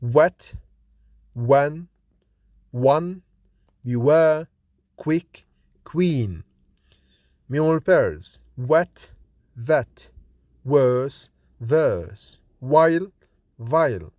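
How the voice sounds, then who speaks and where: Man going slow through a phonetics lesson, saying each word carefully for you to repeat, dry close sound. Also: mid-range voice, lively intonation, a little mellow, no echo. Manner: slow, deliberate drilling of example words for repetition. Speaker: phonetics lecturer. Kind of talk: recorded pronunciation lesson.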